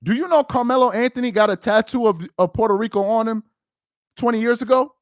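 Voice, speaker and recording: A man's voice: very high-pitched, quick pace, no room sound, clean studio sound. A man from New York City with a New York accent, giving emphatic live-stream commentary that repeats its points and uses street slang. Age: adult with a child.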